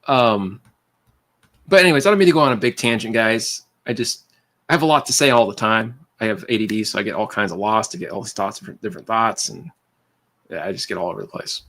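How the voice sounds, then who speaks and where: A man's voice: fairly low pitch, quick pace, fairly bright tone. A man hosting a casual livestream who rambles from one thought to the next, laughs often and calls his viewers man and dude. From California. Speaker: livestream host.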